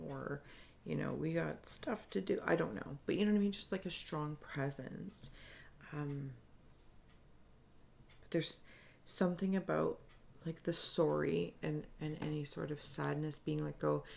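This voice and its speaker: Low, gravelly-voiced woman giving a reading. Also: a little mellow. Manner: halting and searching, with frequent restarts. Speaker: spiritual reader. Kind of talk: improvised intuitive reading to camera.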